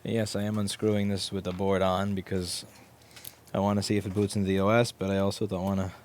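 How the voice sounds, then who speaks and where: Low-voiced new york guy, wry jokey stream talk while fixing a laptop, swears a lot. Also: level tone, fast, darkish tone, slight background noise. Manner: wry, joking, swears casually. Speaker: repair technician streaming his work. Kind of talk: casual live-stream chat while working.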